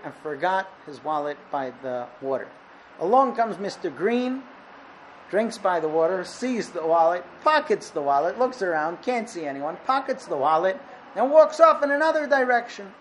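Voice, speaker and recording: A man teaching a Torah lesson, explaining with a parable and acting out its dialogue with animated delivery. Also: sits high, normal speed, a little hiss or hum, low-quality recording. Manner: animated, acts out dialogue in the story. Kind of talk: lecture with parable storytelling.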